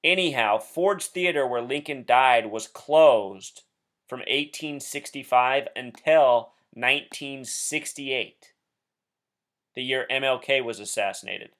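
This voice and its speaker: A man of ordinary pitch delivers a solo commentary straight to his viewers. He speaks intensely and with emphasis, leaning on each point as he goes. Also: takes it slowly, a bit bright. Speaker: blogger and video host.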